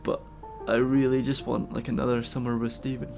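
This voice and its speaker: A man talking casually and emotionally in a vlog, soft and halting, close to tears. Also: medium pitch, level tone, creaky, over music. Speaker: vlogger feeding a wild bird. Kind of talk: casual heartfelt vlog talk.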